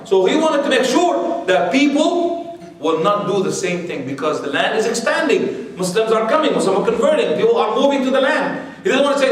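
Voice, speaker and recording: A man with a high voice gives a rambling, conversational religious lecture to a live audience. He keeps asking rhetorical questions and tossing in "you know". He sounds distant in a very echoey hall. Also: lively intonation, moderate pace. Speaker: Islamic lecturer. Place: large room with a live audience. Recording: very echoey hall, mic far off.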